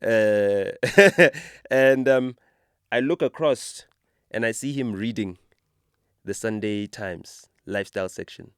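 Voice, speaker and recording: A podcast host with a South African accent takes it slowly, his fairly low, smooth voice full of conviction as his stories build to animation. It's a casual conversation, captured dry with clean studio sound.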